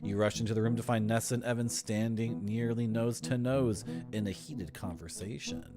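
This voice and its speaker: A man's voice: on the low side, normal speed, music in the background. A man from Toronto, playfully reading game text and rambling as a streamer. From Toronto, Canada. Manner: playful, rambling, toys with words. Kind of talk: gameplay commentary, reading game text aloud.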